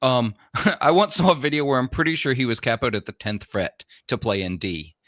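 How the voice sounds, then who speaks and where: A man's voice: mid-range voice, brisk, a bit bright, dry recording. Guy with strong opinions, dry mic, middle voice. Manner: emphatic, opinionated. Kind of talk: casual live podcast chat.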